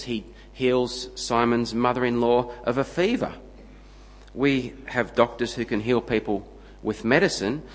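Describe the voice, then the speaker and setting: Emphatic preacher in a reverberant hall. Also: male voice, mid-range voice, fairly bright tone. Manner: emphatic, building to punchy lists. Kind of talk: sermon.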